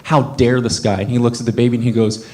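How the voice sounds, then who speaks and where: A young man performing a stand-up comedy set on a club stage, telling stories animatedly and jumping into squeaky high voices for quotes. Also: flat delivery, quick pace, darkish tone. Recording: live club audience laughter. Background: laughing audience.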